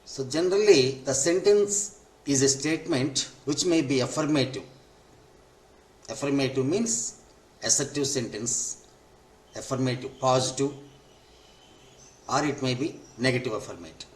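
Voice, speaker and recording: A man's voice: medium pitch, moderate pace, long pauses. A man teaching an English grammar lesson, who repeats each point and spells out the forms step by step. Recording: echoey room.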